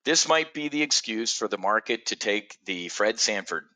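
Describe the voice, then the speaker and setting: A middle-aged man with a bright, forceful voice hosts a live market show. He talks bluntly and emphatically, swears freely, and answers viewers by name. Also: on the low side, expressive, normal speed. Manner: addresses viewers directly by name. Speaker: trading show host.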